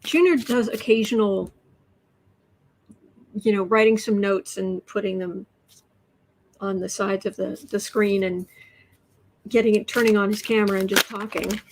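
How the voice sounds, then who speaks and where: A woman runs a laid-back tarot livestream from an indoor room, reading viewer comments aloud and chatting loosely with lots of restarts and repeated words. Her medium-pitched voice is steady, a touch slow and slightly mellow, with frequent pauses. The audio is poor, carrying a faint hiss or hum.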